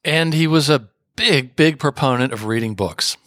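A man hosting a podcast interview, asking questions in a measured, conversational way. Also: mid-range voice, fairly bright tone, no echo. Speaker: host.

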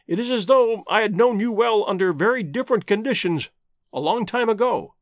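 A man voicing an earnest, formal gentleman in a storybook reading. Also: sits high, animated, a little fast, dry recording, clean studio sound, voice pushed up. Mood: grateful. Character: polite, earnest gentleman, grateful.

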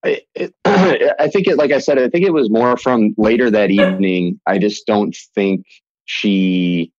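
A young man as a podcast guest, talking in halting, restarting sentences and laughing easily. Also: lowish voice, a little mellow, no room sound, lo-fi sound. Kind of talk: casual interview chat.

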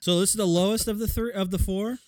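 A man's voice: sits high, steady tone, fast talker, no echo, studio quality. A young man co-hosting a casual podcast chat, emphatic and jokey, swearing freely. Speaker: podcast co-host.

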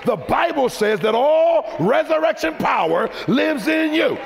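Gravelly preacher shouting in cadence. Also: male voice, extremely high pitch, sing-song, a little slow, soft background music. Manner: rising to shouted, rhythmic preaching. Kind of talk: sermon. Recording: long hall reverb.

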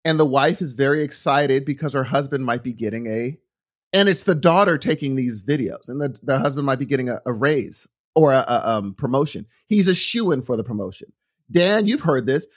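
A middle-aged man telling a story in casual podcast chat, rambling and animated, often restarting his sentences. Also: mid-range voice, a little fast. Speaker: podcast co-host.

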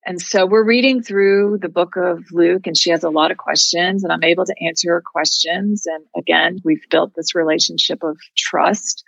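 A woman's voice: fairly low pitch, steady tone, normal speed, creaky, few pauses, fairly bright tone, no echo, lo-fi sound. A woman guest telling a personal faith story in an earnest, heartfelt, reflective way. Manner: heartfelt, reflective, speaks of prayer and scripture.

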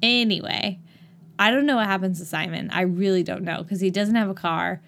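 A young woman co-hosting a podcast, giving a casual, animated movie recap that turns giggly and exasperated. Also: medium pitch, a little fast, creaky. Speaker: podcast co-host.

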